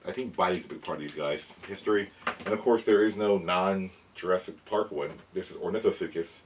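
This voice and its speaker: A man's voice: sits low, fairly quick. A man hosting a casual toy review and science explainer for kids, chatty and rambling, often correcting himself. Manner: addresses kids. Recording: voice a bit far from the mic, faint background noise.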